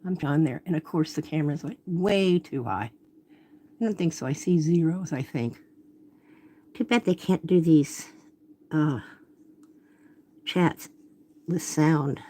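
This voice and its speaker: A woman's voice: low-pitched, measured pace, long pauses, dark tone, slight background noise. A woman hosting a live watercolor demonstration from her home workspace, talking casually as she paints, often breaking off to apologize or comment on her setup. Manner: chatty, self-interrupting, apologetic. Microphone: phone camera.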